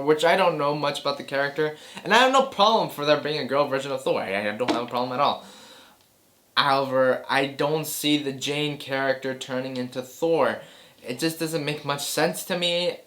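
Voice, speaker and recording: A man's voice: fairly high pitch, a bit bright. A man hosting a casual movie reaction chat, speaking enthusiastically and often restarting or repeating words. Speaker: host of a movie news chat show.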